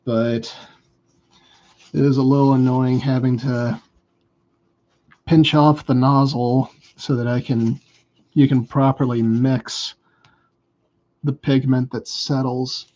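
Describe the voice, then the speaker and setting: A man talks his way through painting a miniature on a live stream, slowly and evenly, with little rise or fall in his voice. His tone is mellow, and the stream audio sounds dull and lo-fi. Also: medium pitch. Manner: relaxed, thinking aloud, chatting with viewers. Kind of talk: casual live-stream talk while painting. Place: indoors at a hobby table.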